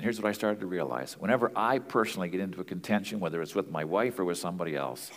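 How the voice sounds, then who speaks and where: A man's voice: low voice, expressive, fast, creaky, hardly any pauses, long reverb tail. A man teaching as a pastor and marriage counselor, earnest and plain-spoken in a conversational way.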